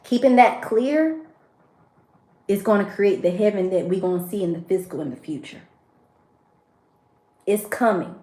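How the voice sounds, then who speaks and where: Her medium-pitched voice is expressive and warm, moving at a moderate pace with long pauses, as she reads tarot for viewers on a spiritual livestream. The tarot reader addresses them directly, emotional and preachy, in an echoey room.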